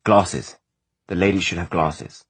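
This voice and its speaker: A man's voice: low voice, measured pace, breathy edge, exaggerated voice. A man reading a flustered teenage youth. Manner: flustered, stammering.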